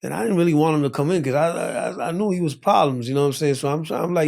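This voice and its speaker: A man who speaks natively, telling animated stories as an interview guest, acting out the voices and laughing often. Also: a little high, fast talker, gravelly, hardly any pauses. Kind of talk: animated storytelling in conversation.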